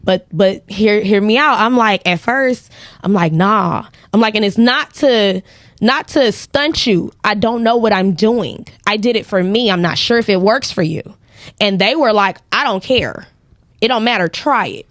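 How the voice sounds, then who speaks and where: A woman's voice: medium pitch, measured pace, dry recording, studio quality. A woman tells a story in casual podcast talk, acting out the lines of other people. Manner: animated, acts out quoted dialogue. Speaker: guest, credit repair business owner.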